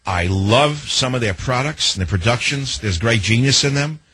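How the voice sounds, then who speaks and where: Very husky-voiced combative radio host man. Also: mid-range voice, animated, normal speed, bright, forceful tone, dry recording, poor audio. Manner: combative, emphatic, piles up rhetorical questions. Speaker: radio talk show host. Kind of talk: opinionated talk radio monologue.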